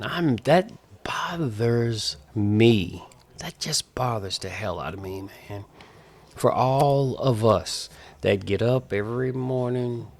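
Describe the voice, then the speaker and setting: A man's voice: lowish voice, vocal fry. A man in his forties talking casually to camera in an emphatic, repetitive, preachy way. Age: 40s. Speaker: vlogger.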